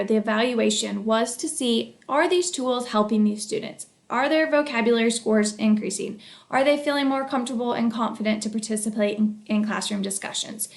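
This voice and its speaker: A woman working as a school technology coach, giving a recorded capstone project presentation in an earnest, measured way with frequent fillers. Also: on the high side, vocal fry.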